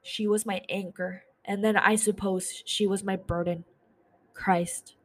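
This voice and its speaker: A grieving middle-aged man talks slowly and tenderly about his mother, as a woman reads his lines in her own everyday voice. The voice sits at an ordinary middle pitch. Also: steady tone, lightly acted.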